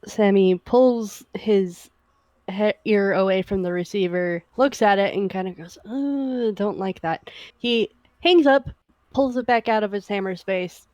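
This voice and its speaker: A woman in a tabletop role-play, narrating her character's actions casually in the third person. Her voice sits at a middle pitch. It is recorded dry, with no room sound. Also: unhurried, a little mellow, dry recording, dull audio. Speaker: player.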